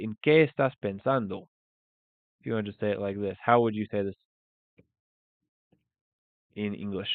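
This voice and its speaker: A man teaching a live English lesson in a relaxed, think-aloud way, dropping Spanish phrases in as he goes. His voice is smooth and clear, but it comes through a narrow, phone-like line with almost no room sound. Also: lowish voice, no echo. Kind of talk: live-streamed language lesson.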